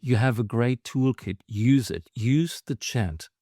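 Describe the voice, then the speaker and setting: A man giving advice as a guest on a podcast, explaining in a measured, methodical way. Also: mid-range voice, dark tone, no echo, studio quality.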